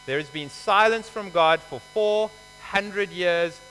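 A man's voice: high-pitched, slow, pushed and bright. A man preaching a sermon, explaining scripture in a conversational, emphatic way. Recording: hall reverb with faint mains hum.

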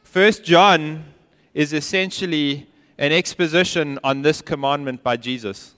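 A man preaching a sermon as pastor, earnest and emphatic, sometimes dropping to a quiet intensity. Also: fairly high pitch, measured pace, clear, resonant tone. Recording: long hall reverb.

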